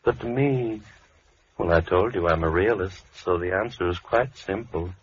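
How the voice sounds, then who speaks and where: An actor playing a lonely, menacing recluse in a 1940s radio drama, speaking slowly with cold, quiet politeness. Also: male voice, deep voice, slightly rough. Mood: gently sinister. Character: soft-spoken menacing lonely male recluse. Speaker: villain. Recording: dull, faintly hissy old radio broadcast.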